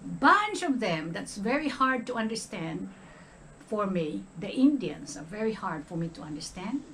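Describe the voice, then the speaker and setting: A woman's voice: medium pitch, very animated, unhurried, fairly bright tone, slight background noise, poor audio. An older woman from the Philippines with a Filipino accent, talking in a casual vlog monologue and often checking in with "okay?". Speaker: retired nurse vlogger.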